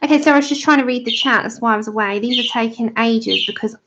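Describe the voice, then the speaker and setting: A woman's voice: fairly high pitch, quick pace, noisy background. A woman hosting a livestream, chatting casually while she colors and answers viewers in the chat. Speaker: livestream host. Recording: slightly dull lo-fi sound.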